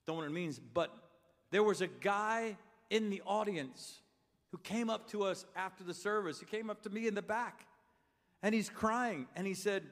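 In a church sanctuary whose big hall gives a long reverb, an older man preaches at a moderate pace, his voice sitting high. As a pastor he weaves in stories and quizzes the crowd.

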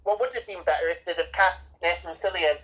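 Woman, film podcast co-host, husky, sweary ranting, dull lo-fi sound. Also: lowish voice, a little fast, fairly bright tone. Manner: ranting, sweary, mocks characters in put-on voices. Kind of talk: casual film review chat. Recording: dull lo-fi recording.

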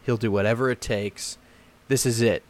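A man's voice: medium pitch, moderate pace. A young man co-hosting a casual movie podcast, telling scenes with acted-out quotes. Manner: animated storyteller, acts out quotes in exaggerated voices. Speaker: podcast co-host. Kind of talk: casual chat about movies.

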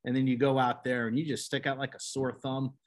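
Podcast host, middle-aged man, New Jersey accent, lively storyteller, mid-range voice. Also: mid-range voice. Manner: animated, quick storytelling with restarts. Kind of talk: casual chat.

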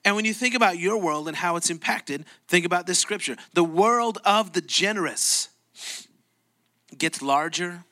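A man's voice: a little high, sharp tone. A man preaching a sermon in church, telling a story in a conversational, emphatic way. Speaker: pastor.

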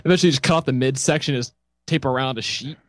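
A man's voice: medium pitch, fast talker, fairly bright tone, dry recording. A man co-hosting a comedy podcast, cracking jokes and chiming in. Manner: wisecracking, interjecting. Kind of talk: casual comedic podcast banter.

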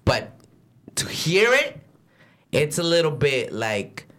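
A young man telling a story in a casual, profane chat, swinging into loud acted-out quotes. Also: fairly high pitch, sing-song, slow pace. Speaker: podcast co-host and rideshare driver.

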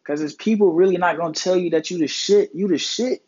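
A man's voice: high voice, fairly quick, darkish tone, muffled recording. A man hosting his own podcast, talking earnestly and casually about life and mental health, with plenty of swearing and slang. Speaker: podcast host. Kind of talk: casual motivational talk.

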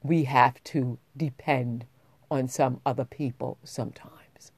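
A woman's voice: rumbling low, fairly even intonation, takes it slowly, a little mellow, husky, no echo. A woman vlogging, telling a personal story in a heartfelt, rambling way with many restarts, getting emotional as she talks.

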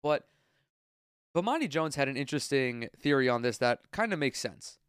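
A man's voice: medium pitch, sing-song, moderate pace, a bit bright, clear, resonant tone, dry recording, studio quality. A congested man hosting a solo sports podcast, ranting bluntly and profanely in casual talk. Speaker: podcast host.

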